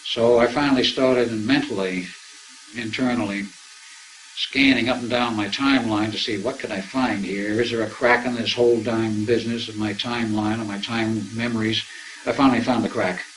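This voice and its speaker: An older man with a lowish voice tells a winding story to an audience. He acts out the remembered back-and-forth as he goes, with a faint hiss behind him. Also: rough recording. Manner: anecdotal, acts out remembered dialogue. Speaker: speaker recounting his experiences.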